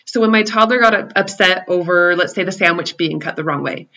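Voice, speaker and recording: A woman in her thirties telling a personal story about her children in an earnest, reflective way, with soft laughs at herself. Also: lowish voice, fairly quick, hardly any pauses. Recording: slightly dull lo-fi recording.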